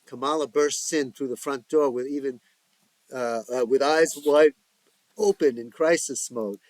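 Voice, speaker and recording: A man's voice: medium pitch, normal speed, dry recording, poor audio. A man reading his own screenplay aloud, stage directions and all, now and then stopping to correct himself.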